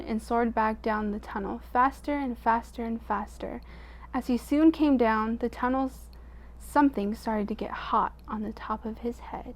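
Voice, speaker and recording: Woman storyteller, slightly high voice, reads aloud to kids, lively with soft hushes. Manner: expressive, drops to a hush at quiet moments. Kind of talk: reading a picture book aloud to children.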